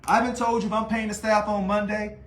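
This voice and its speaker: Man, casual to-camera monologue, taunting rhetorical style, high voice, roomy echo. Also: fast talker. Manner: animated, taunting, rhetorical questions. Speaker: union leader. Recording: echoey room.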